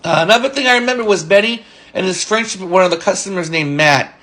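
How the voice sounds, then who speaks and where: A man in his forties telling rambling, halting stories about an old friend and coworker. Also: sits high, animated, sharp tone. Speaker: storyteller recalling a friend. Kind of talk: casual spoken reminiscence.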